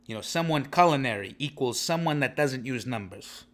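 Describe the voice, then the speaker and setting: Talking fairly quickly with hardly any pauses, a man with a slightly high, sharp voice hosts a comedic sports podcast. He rambles in brash banter and throws in "okay?" after each pick.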